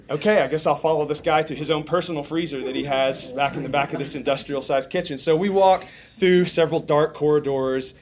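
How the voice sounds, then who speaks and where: A young man preaching, telling a funny story with big swings from hushed lines to shouted ones. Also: a little high. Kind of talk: storytelling sermon.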